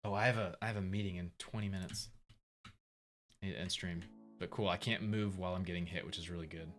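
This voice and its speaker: A man streaming his game development, thinking aloud in a relaxed, casual way while he tests things. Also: low voice, fast talker, soft background music. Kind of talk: casual livestream commentary.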